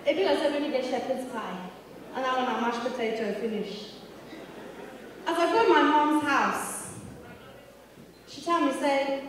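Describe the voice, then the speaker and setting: A woman's voice: high-pitched, lively intonation, moderate pace, pauses often, a little hiss or hum. A woman doing a chatty stand-up comedy set, teasing the crowd with lots of interjections, on a theatre stage through a hall PA. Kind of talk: stand-up set in Nigerian Pidgin. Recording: echoey theatre hall from a distance.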